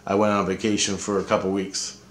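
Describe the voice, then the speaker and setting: A man's voice: sits low, little pitch movement, fairly quick, slight background noise. Rambling, profane man in an echoey room. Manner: rambling, profane, repeats himself. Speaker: vlogger telling experiences. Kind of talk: casual storytelling.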